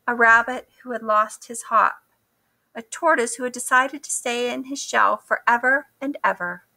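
A woman reading a children's picture book aloud, expressive and asking the listeners questions. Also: fairly high pitch, creaky. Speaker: storybook reader. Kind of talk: children's story read-aloud.

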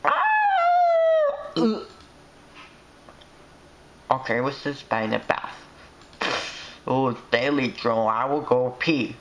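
A man giving excitable, rambling commentary while he plays a game. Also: medium pitch, slow pace, pauses often, muffled recording, slight background noise.

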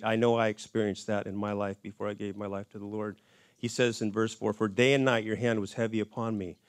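A man giving a conversational Bible study in a church, in a casual and relaxed way with folksy asides. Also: lowish voice, no room sound, clean studio sound. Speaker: Bible teacher.

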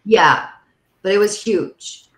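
A woman guest on a podcast, telling a story in a casual, animated way. She fills her talk with "like" and acts out the voices in the story. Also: medium pitch, slow pace. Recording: roomy echo.

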